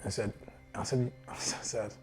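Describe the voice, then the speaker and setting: Candid Yorkshire man, lowish voice. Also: little pitch movement, a little mellow, a little hiss or hum. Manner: candid, swears freely, halting restarts. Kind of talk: casual personal story.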